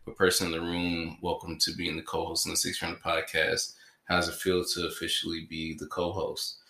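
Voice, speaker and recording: Deep-voiced joking man hosting a podcast. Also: monotone, brisk, pushed and bright, reverberant. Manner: joking, playful, rambling. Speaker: podcast host. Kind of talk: casual podcast chat.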